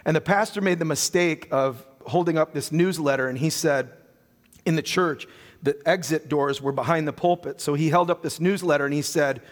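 A male pastor preaching a sermon with animated storytelling and frequent restarts. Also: on the high side, moderate pace. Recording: long reverb of a church hall.

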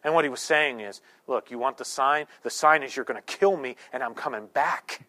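A man preaching a sermon in a church, conversational and joking, with sudden loud bursts. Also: mid-range voice, fairly quick. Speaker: pastor. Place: church sanctuary.

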